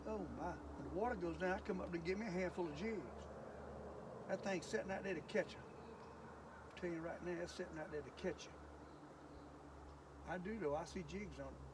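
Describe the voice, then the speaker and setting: A man's voice: sits high, brisk, pauses often. An older man chatting folksily as he fishes outdoors on a lake, exclaiming at each bite. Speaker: fishing video host. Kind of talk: casual fishing commentary. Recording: outdoor ambient noise.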